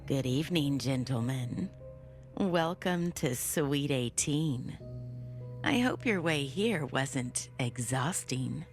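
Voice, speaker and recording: An actress voicing a mysterious, courteous hotel receptionist in a video game, speaking in a slow, formal, knowing way with a nasal tone. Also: female voice, very deep voice, lively intonation, heavily acted. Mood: formal welcome. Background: game music.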